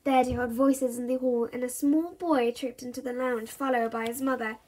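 A woman reads a children's chapter book aloud in a high voice. Her narration is expressive and playful, and it leans into the dramatic beats. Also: normal speed. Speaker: reader.

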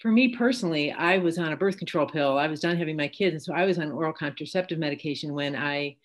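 An American woman physician speaking as a panel guest, measured and explanatory, with pauses and fillers. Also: deep voice. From United States. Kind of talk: panel discussion.

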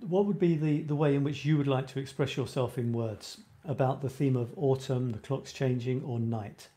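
A man's voice: mid-range voice, moderate pace, mellow. A man hosting a live writing show, chatting casually in a rambling way, often breaking off mid-sentence and laughing at himself. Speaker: host of a creative writing show. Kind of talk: casual live-stream chat.

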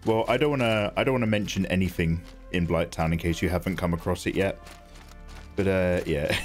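A man chatting through live gameplay, excitable and jokey, thanking viewers as he plays. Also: low-pitched, fairly quick, faint music behind. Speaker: gaming streamer.

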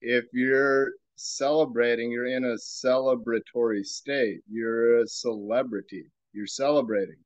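A man hosting a podcast, giving a reflective spiritual talk in a slow, musing way and asking himself rhetorical questions. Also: medium pitch, steady tone, no echo. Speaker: podcast host.

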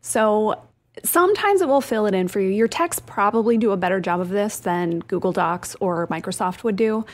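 Woman co-host, upbeat, mid-pitched, explains tips clearly. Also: animated, normal speed. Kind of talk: casual radio show chat.

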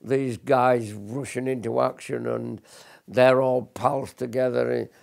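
A man's voice: medium pitch, little pitch movement, takes it slowly, vocal fry, a little mellow. An older man, a military veteran, recalling combat in a blunt, earnest documentary interview, often restarting his sentences. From Britain.

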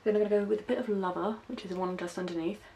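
A woman's voice: mid-range voice, steady tone, very fast, warm tone. A young woman from the West Country with a light West Country accent, chatting casually through a makeup tutorial and narrating each step with self-deprecating asides. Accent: West Country English. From West Country, England. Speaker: makeup vlogger.

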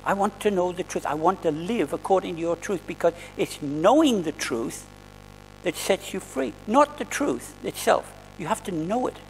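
A man preaching in a church with a high, gravelly voice. He talks earnestly and conversationally, often restarting his phrases. His voice rings in a long hall reverb over faint music. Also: lively intonation, normal speed, darkish tone. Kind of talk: sermon.

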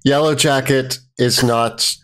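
A man's voice: mid-range voice, steady tone, slow, a bit bright. Brief: male tabletop player, mid-range voice, firm and direct. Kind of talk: casual tabletop play.

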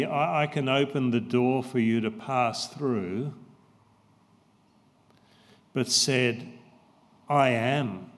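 A man preaching a sermon as pastor, slow and emphatic, repeating his key phrases. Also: medium pitch. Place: church. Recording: long church reverb.

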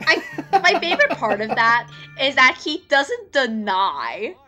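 A woman's voice: high-pitched, a little slow, over music. A woman co-commentating a video game, laughing a lot and reacting casually. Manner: laughs often, relaxed reactions. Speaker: let's play co-host.

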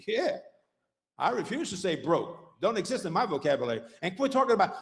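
Talking fast with big swings in his high pitch, this pastor delivers a sermon in a church sanctuary. He keeps an emphatic, rhythmic beat and tosses "Hello?" and "Huh?" out to the congregation. The hall's long reverb trails after his words.

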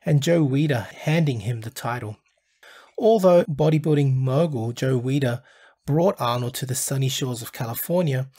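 A man hosting his own channel, reading a scripted documentary narration in a measured storytelling delivery. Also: mid-range voice, dark tone.

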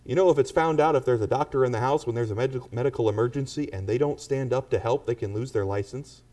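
A man's voice: mid-range voice, fast, warm tone, recorded from a distance. A man preaching a sermon to a congregation and pressing them with pointed rhetorical questions. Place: church.

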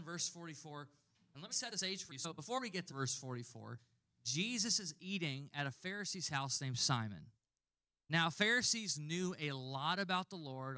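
A man in his thirties, a pastor giving a conversational sermon with animated personal stories. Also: fairly high pitch.

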